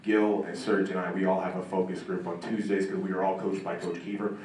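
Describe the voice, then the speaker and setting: A man's voice: low voice, flat delivery, fairly quick, darkish tone. Man telling self-mocking stories in an echoey hall. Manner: self-mocking storytelling, laughing. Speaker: hall of fame inductee. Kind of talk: after-dinner acceptance speech. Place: country club banquet room. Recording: echoey hall from far off, ambient noise.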